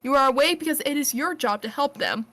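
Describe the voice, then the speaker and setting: A woman's voice: sits high, lively intonation, fast talker, a bit bright. A woman reading a letter aloud as a cheerful, earnest girl, in her own voice.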